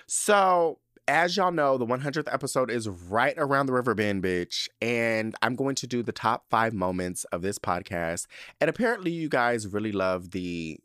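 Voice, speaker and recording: A young man hosting a podcast in casual chat, sassy and animated, swearing often and getting choked up. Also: medium pitch, normal speed, clean tone, dry recording, clean studio sound. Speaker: podcast host.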